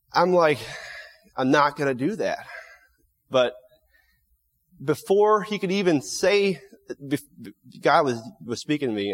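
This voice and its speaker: A man giving an emotional personal testimony in an earnest, halting way, often restarting his sentences. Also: a little high. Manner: earnest, halting storytelling with many restarts and fillers.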